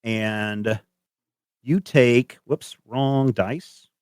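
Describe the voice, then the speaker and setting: A man narrating as game master of a tabletop game, animated and hesitant with many fillers. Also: mid-range voice, drawn-out words, clear, resonant tone, no room sound, clean studio sound.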